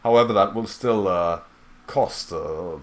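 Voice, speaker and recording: A man's voice: low voice, measured pace. A game master voicing a scheming male gang leader who poses as a noble, speaking in a genteel, condescending, wheedling way. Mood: smug. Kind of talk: voicing a character in a tabletop game.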